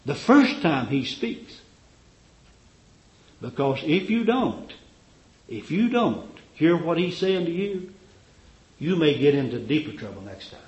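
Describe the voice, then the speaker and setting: Preacher guy going from shouting to mumbling, kinda high voice, echoey and muffled. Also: big pitch swings, slow, pauses often. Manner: fervent, rising to loud cries then dropping low; acts out the voices of Bible figures he quotes. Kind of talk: sermon. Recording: echoey, dull lo-fi recording.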